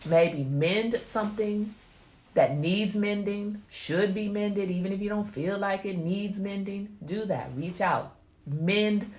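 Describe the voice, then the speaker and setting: A woman hosting a casual livestream, chatty and emphatic, giving motherly advice to viewers. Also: fairly low pitch. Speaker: host. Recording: roomy echo.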